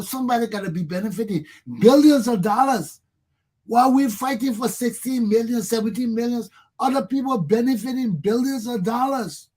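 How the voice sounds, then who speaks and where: A middle-aged man with a Liberian accent speaks in a fervent talk-show monologue. His voice sits high and has a husky edge. He drives his points home with repeated rhetorical questions. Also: a little mellow. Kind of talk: impassioned monologue.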